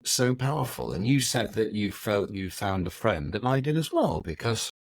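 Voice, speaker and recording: A man's voice: lowish voice, sing-song, moderate pace, no echo. A man, a radio presenter telling stories with easy fluency as a guest. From West Yorkshire, England. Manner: fluent, anecdotal, broadcaster's ease. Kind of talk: conversational interview answers.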